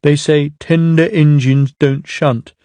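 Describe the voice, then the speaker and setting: A man's voice: a little high, steady tone, slow pace, dark tone, dry recording. A man voicing a shy, eager male blue steam engine in a storybook reading, speaking politely and plaintively. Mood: sad.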